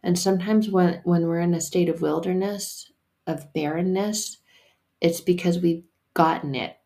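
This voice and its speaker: A woman's voice: on the low side, fairly even intonation, unhurried, gravelly, dark tone. A woman hosting a solo faith podcast, talking in a casual, emphatic and playful way with the odd curse word. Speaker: podcast host and faith coach.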